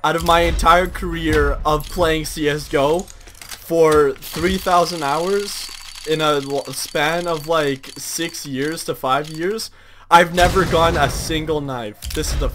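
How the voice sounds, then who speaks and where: A young man reacting out loud as he records himself gaming, excitable and full of disbelief. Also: on the high side, measured pace, slight background noise. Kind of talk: casual reaction commentary.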